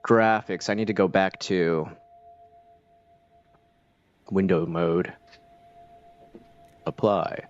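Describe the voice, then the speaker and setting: A man's voice: low-pitched, fairly even intonation, very slow, long pauses, highs cut off. A man streaming a game, chatting casually and rambling with lots of fillers and restarts. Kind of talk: casual live-stream chat while playing.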